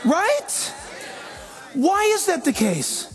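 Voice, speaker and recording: High-voiced, lively preaching man. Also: drawn-out words, over music, crowd noise. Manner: animated preaching, acts out quoted voices. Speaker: pastor. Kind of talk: sermon.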